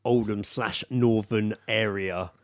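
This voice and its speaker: A man's voice: lowish voice, slow pace. A man co-hosting a podcast, swearing freely and joking in casual banter. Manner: animated, sweary, jokey banter. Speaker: podcast co-host. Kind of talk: casual chat.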